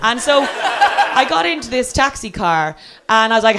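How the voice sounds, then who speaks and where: Lively Irish woman telling a comic story. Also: on the high side, moderate pace. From Ireland. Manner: lively and self-mocking, acts out quoted voices.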